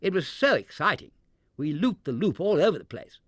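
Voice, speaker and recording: A man's voice: fairly high pitch, sing-song, a little fast, no echo, studio quality, pitched above the performer's own voice. A man voicing a boastful young boy bear with an eager, bragging manner.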